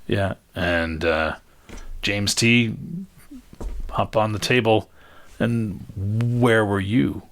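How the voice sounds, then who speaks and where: A male game master narrates a tabletop session in a very deep voice. He talks slowly and easily, laughing as he goes and padding his lines with fillers. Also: fairly bright tone. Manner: laid-back, chuckling, many fillers.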